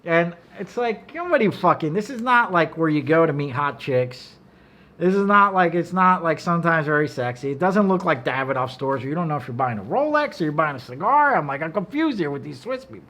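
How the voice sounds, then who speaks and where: A man's voice: on the high side, lively intonation, a little fast, sharp tone. A middle-aged man, a cigar maker, talking in a casual chat as a guest, blunt and profane, telling stories with animation. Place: office.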